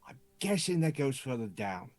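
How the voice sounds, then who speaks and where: A player in a tabletop role-playing game who talks in a hesitant but lively way. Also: mid-range voice, moderate pace. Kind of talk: casual tabletop play.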